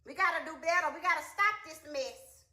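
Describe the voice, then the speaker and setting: A woman's voice: extremely high pitch, brisk, sharp tone. A woman host giving an exasperated, preachy comedic rant about viral clips.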